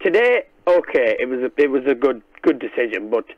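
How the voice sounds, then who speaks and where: A man's voice: medium pitch, very animated, brisk, dry recording. Guy phoning in, lots of ums, muffled dry line. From Middlesbrough, England. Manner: hesitant, many ums. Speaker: caller. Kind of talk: phone-in football chat.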